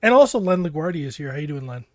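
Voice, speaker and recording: Brief: male host, high voice, dry close sound, playful banter. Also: big pitch swings, very fast, no room sound. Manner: joking, playful. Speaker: podcast host. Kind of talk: casual chat.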